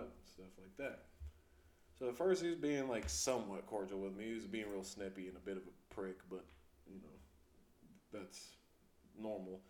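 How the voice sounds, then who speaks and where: A man's voice: fairly low pitch, normal speed, darkish tone. A man co-hosting a casual podcast, telling his police stories in a laid-back, profane way and laughing along the way. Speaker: podcast co-host, police officer. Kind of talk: casual storytelling chat. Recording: echoey room.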